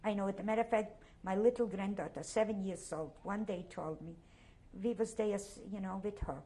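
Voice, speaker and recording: An older woman from Poland with a Polish accent, giving a halting, emotional oral history interview and often repeating herself. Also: mid-range voice, fairly even intonation, warm tone.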